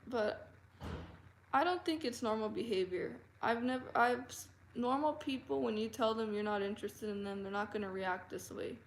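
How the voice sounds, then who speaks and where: A woman telling a personal story to camera in an earnest, halting way, full of fillers and restarts. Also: a little high, a little hiss or hum. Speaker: vlogger. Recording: roomy echo.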